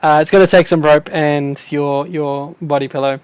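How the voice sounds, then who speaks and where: A man's voice: a little high, fairly even intonation, moderate pace, clear, resonant tone, no room sound. A man running a tabletop game as game master, narrating in a casual, playful way and laughing often.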